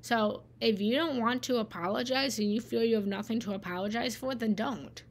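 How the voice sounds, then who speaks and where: Her voice sits a little high and moves briskly, with slight background noise behind it. She's a meditation teacher on a live stream, responding to viewer comments with earnest encouragement, repeating phrases for emphasis and slipping into whispers now and then.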